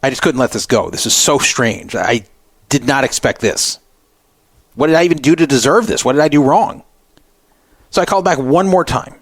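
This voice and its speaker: A man hosting a radio show and telling a personal story with animated delivery, jumping into the voices of the people he quotes. His voice sits in a middle register. The studio sound is close and dry, with no room around it. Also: medium pitch, normal speed, pauses often, no room sound.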